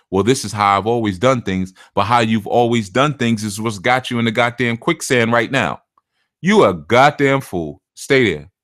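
A man's voice: on the low side, a bit bright, no room sound, clean studio sound. A man giving a blunt, casual spiritual talk as a reader, acting out the voices of the people who come to him. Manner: blunt, acts out clients' voices.

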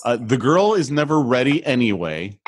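A man co-hosting a podcast in casual chat, relaxed and rambling with many hesitations. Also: mid-range voice, moderate pace, a little hiss or hum. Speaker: podcast co-host.

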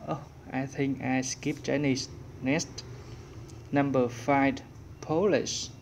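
A man leads an English workbook lesson at a very slow, unhurried pace. He thinks aloud as he searches for each answer, and a faint background hum sits under his voice. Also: mid-range voice, fairly even intonation, a little mellow. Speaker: English teacher.

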